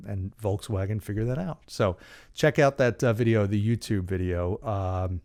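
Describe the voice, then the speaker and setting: A man's voice: lowish voice, normal speed, a little mellow. A man hosting a podcast, talking through ideas in a casual, conversational way with frequent fillers and asides. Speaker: podcast host. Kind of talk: casual motivational monologue.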